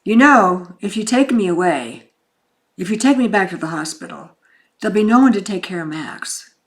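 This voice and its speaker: A woman's voice: medium pitch, lively intonation, normal speed, close to an everyday voice. A woman voicing a suspicious, reclusive man who is wary of visitors, speaking in a guarded, hesitant way.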